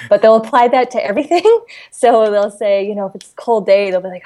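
A woman's voice: medium pitch, a little fast, dark tone. A Canadian woman chatting as an interview guest, laughing often and full of fillers and restarts. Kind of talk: casual interview chat.

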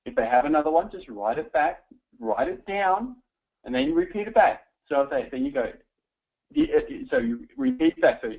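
A man teaching a live audience how to close sales, coaching them directly with an animated manner. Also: high voice, moderate pace, gravelly. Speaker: sales trainer. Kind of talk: live sales training talk. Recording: tinny phone-like recording. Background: audience present.

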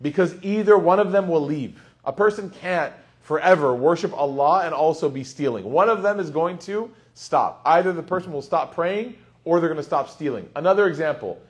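A man giving a conversational lecture on Quranic commentary, animated and chatty with playful asides. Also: fairly high pitch. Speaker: Islamic teacher.

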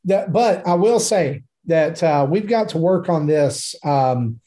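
A man's voice: on the high side, animated, slow, mellow. A man in his forties co-hosting a casual podcast, reading out listener comments with self-deprecating jokes. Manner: joking, self-deprecating, laughs often.

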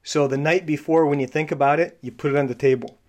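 A man's voice: a little high, fairly even intonation. A male podcast host who explains personality traits in a coaching tone, with frequent fillers and restarts. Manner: halting, many fillers and restarts. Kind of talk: casual interview.

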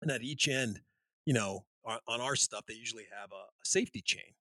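A man on a podcast telling a long anecdote in casual chat, rambling and animated, full of restarts and "you know". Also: medium pitch, a little fast, no room sound. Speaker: podcast host.

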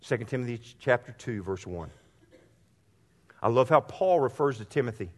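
A man's voice: mid-range voice, lively intonation, moderate pace, darkish tone. Earnest male pastor preaching in a reverberant hall. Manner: earnest, addresses congregation directly, repeats phrases for emphasis. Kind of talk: sermon. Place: church sanctuary.

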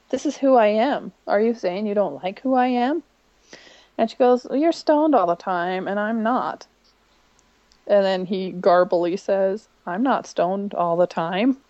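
A woman co-hosts a podcast, retelling a TV episode in a chatty, rambling way and popping her voice up to quote the characters. Her mid-height voice has a gravelly, fry-laced edge. The sound is dry and a little dull, like a home podcast mic. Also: mid-range voice, no echo. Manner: chatty retelling with many ums, quoting lines in a brighter voice. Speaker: podcast co-host. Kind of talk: casual recap of a TV episode.

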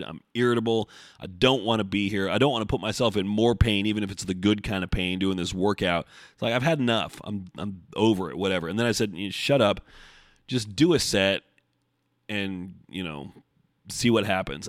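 A man's voice: lowish voice, dry recording, studio quality. A man hosting a casual solo podcast from home, blunt and profane, rambling with restarts. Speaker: podcast host. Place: home, recording before the gym.

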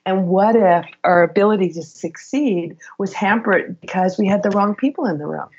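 A middle-aged woman, a guest in an interview, telling work stories in an animated way and laughing as she goes. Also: mid-range voice, moderate pace, breathy edge, muffled recording. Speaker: guest, former HR executive. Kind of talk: conversational interview storytelling.

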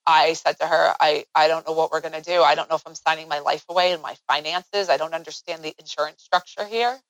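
A woman guest in an interview, telling a personal story in an earnest way that grows animated as she recounts events. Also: deep voice, quick pace, no room sound, rough recording.

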